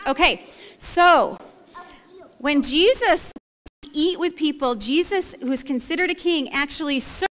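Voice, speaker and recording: A woman's voice: high-pitched, a little slow, fairly bright tone. A woman pastor leading a playful, interactive children's story, coaxing the kids to act it out. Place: church sanctuary. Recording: echoey church hall.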